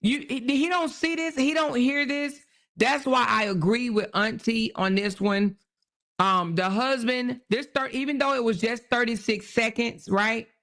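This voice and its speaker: A woman's voice: a little high, fairly even intonation, measured pace, fairly bright tone. A woman hosting her own show, giving casual commentary on a news story and often repeating herself as she checks in with viewers. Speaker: host.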